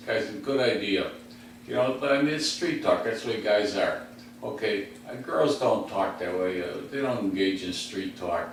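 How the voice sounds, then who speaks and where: A man's voice: lowish voice, moderate pace, a little hiss or hum. Man from chicago's west side, comic podcast host, loose rambling storytelling, chuckles to himself, very echoey room, mic set at a distance. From west side of Chicago, USA. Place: at home in his recliner.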